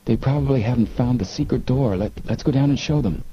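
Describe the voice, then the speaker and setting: A man reading an audiobook, voicing a teenage boy who speaks in a hushed, urgent way. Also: medium pitch, fast talker, highs cut off, a little hiss or hum, voice pushed up, natural voice. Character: teenage boy, eager and loyal son.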